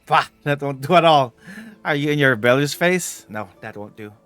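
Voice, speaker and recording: A man's voice: medium pitch, animated, fairly quick, fairly bright tone, clear, resonant tone, soft background music, natural voice. A man reading the lines of a teasing, vain aging female treasure hunter aloud while streaming a game.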